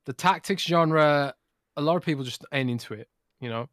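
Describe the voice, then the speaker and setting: A man's voice: a little high, moderate pace, no echo, studio quality. A man co-hosting a gaming podcast, talking casually and enthusiastically with lots of fillers. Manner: animated, enthusiastic, rambling with fillers. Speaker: podcast co-host. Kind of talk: casual chat.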